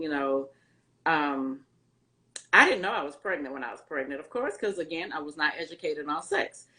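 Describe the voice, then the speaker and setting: A middle-aged woman with a somewhat low voice speaks as an interview guest. She tells her personal story in a loose, conversational way, with plenty of fillers and relaxed Southern phrasing.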